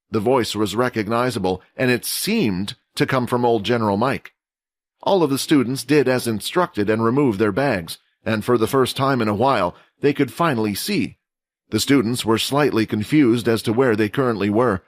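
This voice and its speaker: A man giving steady scripted narration of a fantasy audio story, doing voices for the characters. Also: mid-range voice, moderate pace, no room sound.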